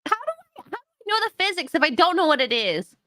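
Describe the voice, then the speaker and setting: Female streamer host, giggly and quick to gasp, close dry sound with a swooping delivery. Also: very high voice, no echo. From Canada. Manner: giggly, animated, reacts with gasps. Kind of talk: casual livestream chat.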